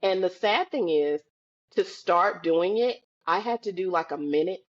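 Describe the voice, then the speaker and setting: A woman with a fairly low voice chats casually as a podcast guest, telling animated stories and slipping into the voices of the people she quotes. The sound is a bit dull and lo-fi, like audio from a video call. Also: measured pace. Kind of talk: casual chat.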